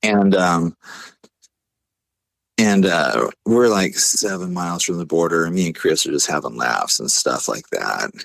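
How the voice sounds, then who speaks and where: Low-voiced laid-back man. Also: measured pace, vocal fry, dry recording. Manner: animated, acts out quotes in a higher voice; laid-back, lots of fillers and "like". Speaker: podcast guest. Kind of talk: casual storytelling.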